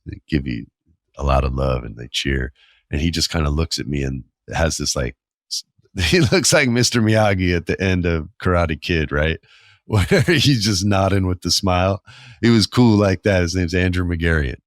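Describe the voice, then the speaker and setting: Deep-voiced guy in his 40s telling a story on his podcast, swears a lot, acts out the back and forth, dry close mic. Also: a little fast, no echo. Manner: animated, profane, acts out quoted exchanges. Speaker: podcast host. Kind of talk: casual storytelling monologue.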